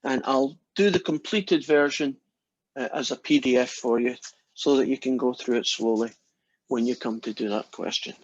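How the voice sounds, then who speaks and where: A man's voice: medium pitch, normal speed, highs cut off. A man giving a casual university lecture, telling jokes and acting out the characters in them. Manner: chatty, storytelling, acts out quoted characters.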